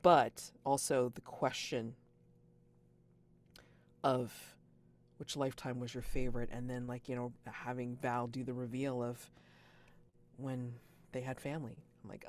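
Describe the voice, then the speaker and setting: A man giving casual feedback after a tabletop game session, rambling with many fillers and jumping into excited outbursts. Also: mid-range voice, normal speed.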